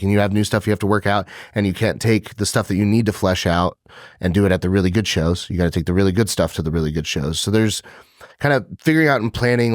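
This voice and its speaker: A man who does stand-up, talking as a podcast guest and telling animated, profane stories with frequent laughter. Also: sits low, dry recording, studio quality. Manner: animated storytelling, swears freely, laughs often. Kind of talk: casual podcast chat.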